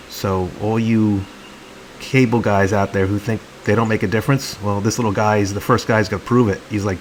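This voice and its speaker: A man's voice: lowish voice, brisk, fairly bright tone, a little hiss or hum, poor audio. A man hosting a comedy video, narrating in a mock-serious, earnest tone and speaking for the birds he films. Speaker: channel host.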